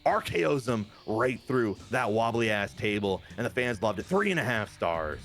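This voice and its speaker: A young man talks through a wrestling management game. He is excitable and quick with jokes. His speech is casual and a little profane. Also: on the low side, soft background music. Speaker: game commentator.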